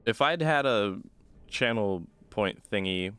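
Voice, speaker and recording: Man streamer, casual game commentary, slow, lively pitch, goofy exclamations. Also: clean tone. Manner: laughs often, goofy exclamations.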